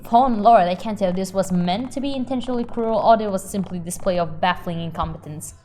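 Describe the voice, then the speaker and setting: A woman's voice: medium pitch, fairly quick, warm tone, a little hiss or hum, pitched below the performer's own voice, natural voice. A woman doing a weary, grumbling male shepherd. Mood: exasperated. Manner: grumbling, sarcastic, exasperated. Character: grumpy, weary male shepherd, blunt and exasperated. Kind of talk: voicing game dialogue on stream.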